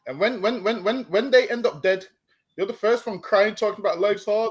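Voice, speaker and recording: Co-hosting a stream discussion, a man who is a street preacher lectures and preaches in a high-pitched voice at a moderate pace. He frequently trips over repeated words and throws in "listen, man."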